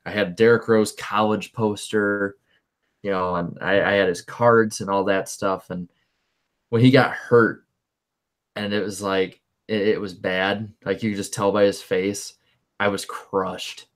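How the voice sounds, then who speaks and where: Young male co-host, low voice, casual, excitable, rambling. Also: unhurried. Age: young adult. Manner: animated, rambling, repeats words when excited. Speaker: podcast co-host. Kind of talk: casual chat.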